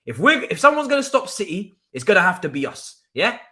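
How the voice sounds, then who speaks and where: A man's voice: high-pitched, big pitch swings, a little fast, bright, forceful tone. A young man hosting a football watchalong stream, ranting emphatically and repeating himself with laughs. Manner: emphatic, repetitive, laughing ranter. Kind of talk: casual ranting livestream chat.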